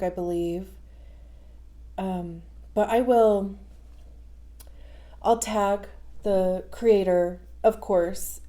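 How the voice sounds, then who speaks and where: A stuffy-nosed woman hosts a casual tarot reading, speaking at an unhurried, drawn-out pace. She is chatty and often breaks off her sentences with fillers and restarts. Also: mid-range voice, mellow. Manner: chatty, with frequent fillers and self-interruptions. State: stuffy nose. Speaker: tarot reader.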